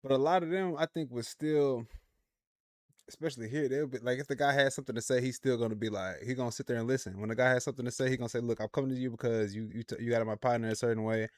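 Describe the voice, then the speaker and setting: A man hosting a livestream, reacting to clips in casual, slangy, animated commentary. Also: medium pitch, very fast, no room sound, clean studio sound.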